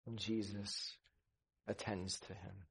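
A man's voice: lowish voice, level tone, takes it slowly, gravelly, husky. A man preaching a sermon, earnest, rising to emphasis and acting out scripture dialogue. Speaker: pastor.

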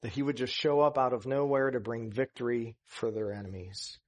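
A man's voice: medium pitch, flat delivery, fairly quick. A man preaching a sermon as pastor of a church, earnest and building to emphatic stress on key points.

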